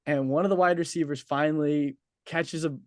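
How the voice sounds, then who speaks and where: A young man in his twenties leads a casual interview with a somewhat high voice. He talks in a chatty, easygoing way, laughs easily and leans on filler words. The sound is dry and close. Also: steady tone, a little fast, dry recording.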